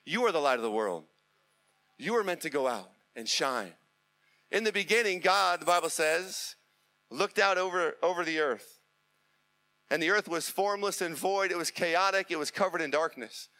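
A middle-aged male pastor preaching a sermon with urgent, repetitive exhortation that builds to impassioned near-shouting. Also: a little high, normal speed.

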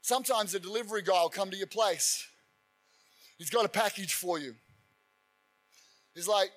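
A man preaching a sermon, telling stories with energy and building to fervent shouts. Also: high voice, lively intonation, moderate pace, long pauses. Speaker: pastor.

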